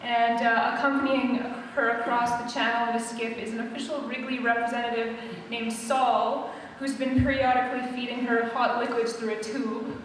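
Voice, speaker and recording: Woman author reading her book live, high-ish voice, long hall echo, faint room noise. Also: level tone. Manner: chatty intro, then measured first-person narration. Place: opera centre hall, live event. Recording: echoey hall from far off.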